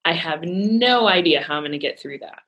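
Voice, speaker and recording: Middle-aged woman, casual faith chat; emphatic, heartfelt, bright and a little low. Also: expressive, fairly quick. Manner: emphatic, heartfelt, laughs easily.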